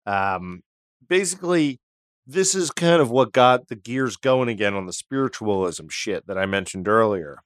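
A man's voice: lowish voice, animated, normal speed, a bit bright, no room sound, clean studio sound. A man co-hosting a podcast, telling a story in casual chat and cracking jokes. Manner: jokey, drops into silly put-on voices. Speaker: podcast co-host.

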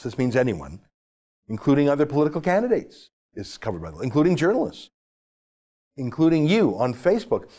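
A man's voice: on the high side, mellow. A man giving opinionated political commentary, emphatic and sarcastic, at times reading legal text aloud.

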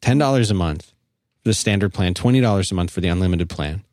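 A man's voice: deep voice, animated, fast talker, darkish tone, dry recording, clean studio sound. A man hosting a call-in podcast, chatting loosely and joking, reading an ad in an offhand way. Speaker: podcast host taking calls. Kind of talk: casual call-in podcast talk.

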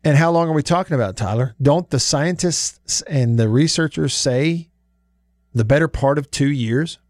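A man hosting a sports radio show, chatting in a folksy, easygoing way with drawn-out emphasis. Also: fairly high pitch, darkish tone, no room sound, clean studio sound. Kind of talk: casual sports talk radio. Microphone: studio microphone.

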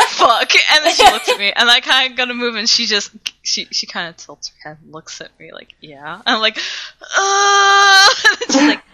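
A lively young woman tells a story on a casual podcast, her voice bright and jumping all over her range. She laughs, swears freely and acts out every line of what people said. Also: fairly high pitch. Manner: animated storyteller, swearing, laughing, acting out quotes. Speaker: podcast co-host. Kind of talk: casual chat.

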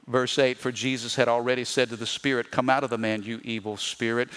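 A male pastor preaching a sermon, swinging between loud emphatic bursts and slow hushed lines and calling the congregation for amens. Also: medium pitch, flat delivery, smooth. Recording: long reverb of a large hall.

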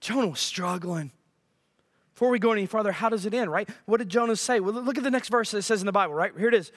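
A male pastor preaching a sermon in an animated, joking way, often asking the congregation questions. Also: high voice, quick pace.

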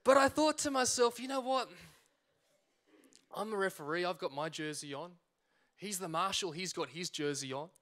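A man preaching from the pulpit, his voice pitched high for a man. He tells a personal story with animated energy and acts out the people in it. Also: brisk. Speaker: pastor.

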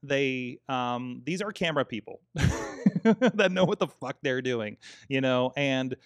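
A podcast co-host with an expressive, smooth, mid-range voice chats casually and a little slowly, rambling with lots of fillers, restarts and frequent swearing. The studio sound is clean with no room sound.

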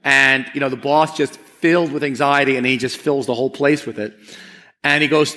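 A man's voice: mid-range voice, steady tone, moderate pace, sharp tone. A man preaching a conversational sermon as pastor, earnest and often repeating words as he presses a point.

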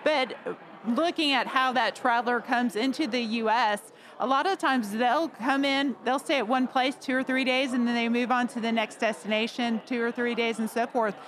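A woman's voice: fairly high pitch, steady tone, normal speed, fairly bright tone. A woman speaking on a panel as a tourism official, businesslike and explaining steadily. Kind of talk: panel discussion.

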